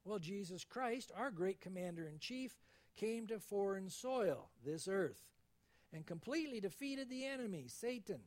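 A man with a notably high-pitched voice delivers a sermon. He reads scripture aloud and tells stories dramatically, his tone shifting expressively. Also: very animated, measured pace, darkish tone. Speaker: pastor.

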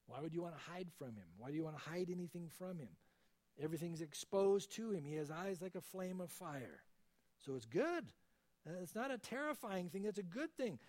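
A man preaching a verse-by-verse sermon, fervent and emphatic, his voice jumping up in loud peaks. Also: on the high side. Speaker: pastor.

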